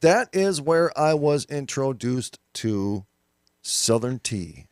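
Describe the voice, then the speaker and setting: A man's voice: mid-range voice, slow pace, dry recording. A man co-hosting a radio show, chatting and teasing playfully in the studio and telling stories with lots of energy. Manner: playful, teasing, animated storyteller. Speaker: co-host. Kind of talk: casual chat.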